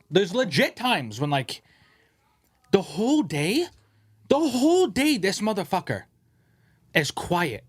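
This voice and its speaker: Man, podcast host, casual studio chat, animated and profane, raised pitch, dry close sound. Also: dry recording. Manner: animated, profane, rambling storyteller.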